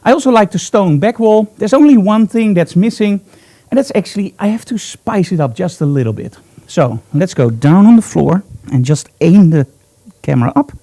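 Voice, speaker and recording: A photography instructor teaches live in a studio, chatty and upbeat as he thinks aloud while working. His voice sits high and sounds mellow.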